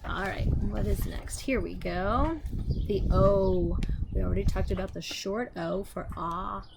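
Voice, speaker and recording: A woman teacher slowly sounding out letters and reading aloud to young children outdoors. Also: medium pitch, gravelly, heavy background noise. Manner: slow, patient, sounding out letters. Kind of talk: phonics lesson and read-aloud for young children.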